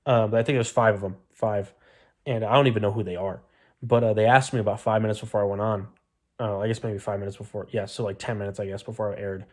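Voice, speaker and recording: A man's voice: fairly low pitch, fairly even intonation, fast talker. A young man vlogging to the camera, telling a story in a rambling, self-deprecating way and swearing freely. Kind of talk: casual storytelling vlog.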